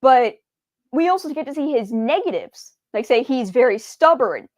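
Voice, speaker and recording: A woman's voice: high-pitched, lively intonation, normal speed, darkish tone, dry recording, studio quality. A woman streamer chatting casually, rambling with many fillers and restarts, stumbling over her words and answering viewers' chat.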